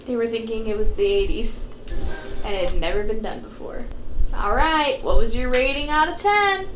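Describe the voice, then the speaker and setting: A young adult woman co-hosting a casual movie-watching podcast, excitable and quick to exclaim, swearing freely. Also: on the high side, music in the background. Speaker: podcast co-host. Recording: echoey room, faint noise.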